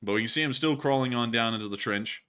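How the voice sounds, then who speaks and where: A man's voice: medium pitch, fast, pushed and bright, clean tone. A man hosting a livestream, commenting on war footage in a casual, jokey way with lots of laughter. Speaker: stream host.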